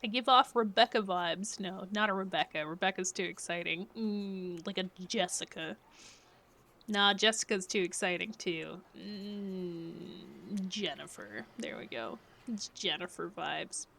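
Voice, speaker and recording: A woman streamer chatting casually with her live chat, playful and giggly, often laughing and sometimes dropping into quiet mumbled asides. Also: mid-range voice, measured pace, creaky.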